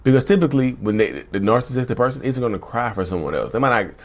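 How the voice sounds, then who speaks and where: A man's voice: medium pitch, animated, fast talker, vocal fry. A man hosting his own channel, talking casually to viewers, repeating himself and calling them y'all. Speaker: channel host. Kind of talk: casual talk to camera.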